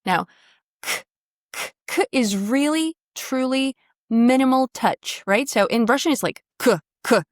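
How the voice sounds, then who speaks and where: A woman's voice: sits high, expressive, measured pace, dry recording, studio quality. A woman coaching pronunciation one-on-one. She models sounds, sings them out and praises often.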